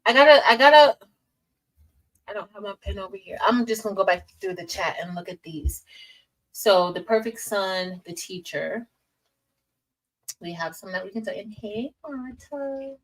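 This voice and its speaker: A chatty woman teacher talks casually to her livestream viewers, drifting between school stories and crafts. Her voice sits at a middle pitch and sounds a little distant from the mic. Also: normal speed, long pauses. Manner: chatty, addresses viewers as y'all, reads chat aloud.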